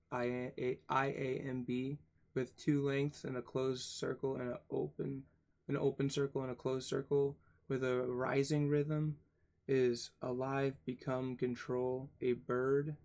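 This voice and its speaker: Male host, casual read-along of a textbook; level, flat delivery, halting reading with spelled-out words and asides to viewers. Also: medium pitch, creaky. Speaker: channel host reading a book aloud.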